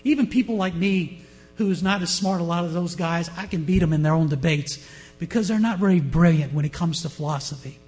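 A man's voice: on the high side, brisk, a little mellow, rough recording. A male pastor preaching an emphatic sermon with a story.

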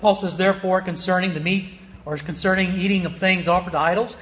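A man with a notably high voice delivers a sermon as a pastor. He reads scripture aloud, leans hard on key words and keeps asking his listeners short questions. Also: steady tone, fast, fairly bright tone, echoey room. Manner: emphatic, stretches key words, checks in with rhetorical questions.

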